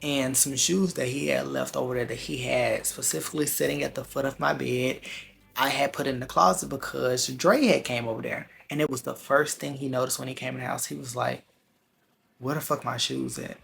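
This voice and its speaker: Gravelly-voiced man telling a story. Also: mid-range voice, brisk, slight background noise. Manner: candid, slangy, animated storytelling. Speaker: vlogger. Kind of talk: casual storytime vlog.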